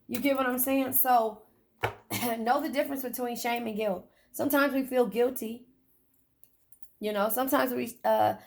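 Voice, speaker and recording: Gravelly-voiced woman giving a blunt tarot reading. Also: on the high side, a little hiss or hum. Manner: blunt, profane and chatty, talking straight to viewers. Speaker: tarot reader. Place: in a car.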